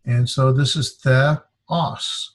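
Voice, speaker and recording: Here a man teaches a classroom lesson, slow and halting, and he stops often to sound out each syllable. His voice is a little husky, at an everyday middle pitch. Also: fairly even intonation. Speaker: Greek teacher.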